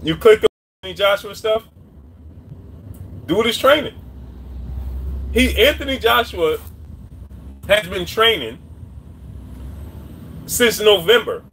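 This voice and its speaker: High-voiced man doing live boxing talk. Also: animated, slow, long pauses, breathy edge. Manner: repetitive, shouts out chat names. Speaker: boxing commentator. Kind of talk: live-stream commentary.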